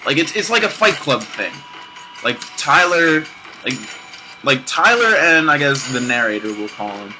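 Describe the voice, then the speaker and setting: A man's voice: medium pitch, big pitch swings, a little slow, pushed and bright, poor audio. A man casually commenting on a video game he plays, rambling off-topic with restarts and sarcastic asides. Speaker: let's play gamer. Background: game music.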